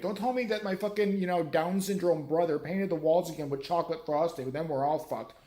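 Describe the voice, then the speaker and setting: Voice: mid-range voice, fairly even intonation, fairly quick, hardly any pauses, dark tone. A middle-aged vlogger in a profane, sarcastic, rambling rant. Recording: roomy echo.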